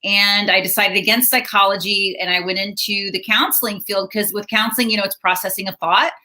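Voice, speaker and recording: A middle-aged woman comedian telling stories in a casual interview, chatty and quick to laugh. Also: mid-range voice, fairly even intonation, pushed and bright. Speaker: stand-up comedian and counselor.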